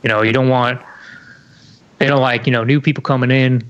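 A man's voice: mid-range voice, flat delivery, fairly quick, fairly bright tone, highs cut off. A young man telling a story in casual chat, full of fillers and swearing. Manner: swears a lot, lots of "like" and "you know".

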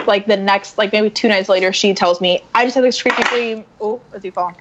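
Woman, podcast guest, casual storytelling, animated, dull lo-fi sound. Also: mid-range voice, brisk, background noise. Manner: animated, acts out quotes.

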